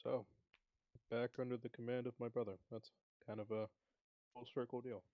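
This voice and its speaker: A man's voice: mid-range voice, level tone, moderate pace, dry recording, narrow, tinny audio. A man playing in a tabletop game, speaking casually and swearing freely. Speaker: player. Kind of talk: tabletop role-play chat.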